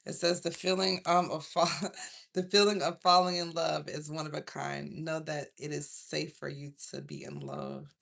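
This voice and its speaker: A woman with a Southern US accent, chatting casually through a live tarot reading from home, slangy and quick to laugh. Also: low voice, lively intonation, vocal fry, a bit bright. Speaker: tarot reader.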